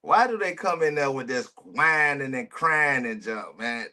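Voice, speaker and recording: A man's voice: a little high, lively intonation, moderate pace, few pauses, pushed and bright. Slangy man preaching over a reaction video. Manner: preachy, emphatic, repeats phrases, slangy. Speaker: reaction streamer. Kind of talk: casual reaction commentary.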